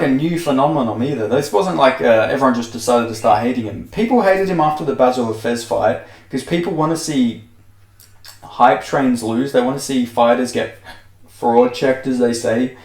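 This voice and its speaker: A man ranting casually about fighters and fans, exasperated, swearing heavily and restarting his sentences as he goes. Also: mid-range voice. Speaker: MMA commentary channel host. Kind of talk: casual opinion rant. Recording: echoey room.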